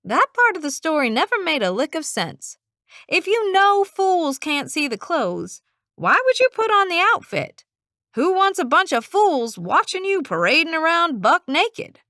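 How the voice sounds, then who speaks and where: Brief: woman voicing an outspoken young princess for a storybook audiobook, high and loud, very lively. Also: a little slow, dry recording, clean studio sound, full character voice. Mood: incredulous. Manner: indignant, exclaiming.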